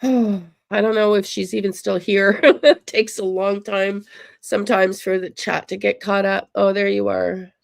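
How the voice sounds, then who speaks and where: Woman, live-stream host, casual chat, gravelly fry, sympathetic, talks to viewers. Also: mid-range voice, little pitch movement, measured pace, dry recording, clean studio sound. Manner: chatty, reads and answers viewer chat aloud; emotional, sympathetic. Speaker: livestream host.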